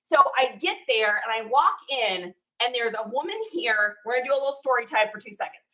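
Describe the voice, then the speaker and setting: A woman who resells goods shows off her garage sale finds in casual chat, telling a story animatedly and laughing as she imitates the people she met. Her voice is on the high side and brisk, and the audio is poor.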